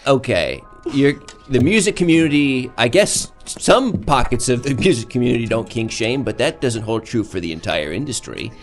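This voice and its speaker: Deadpan low-voiced woman hosting improv. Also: moderate pace, hardly any pauses, faint music behind. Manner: deadpan, skeptical questioning. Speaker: host. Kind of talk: improv comedy scene.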